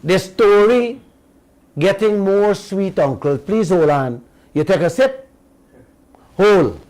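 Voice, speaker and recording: A man's voice: high-pitched, low-quality recording. A middle-aged man with a Guyanese accent hosting a radio talk show, speaking in a folksy, emphatic way and calling his listeners uncle and auntie.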